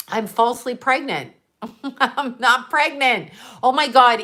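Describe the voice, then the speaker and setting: A woman's voice: medium pitch, a little slow, fairly bright tone. A woman hosting a casual livestream, chatting to viewers in a rambling, playful way, often laughing and jumping between topics. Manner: chatty and scattered, with frequent laughs and asides. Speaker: livestream host reading viewer comments.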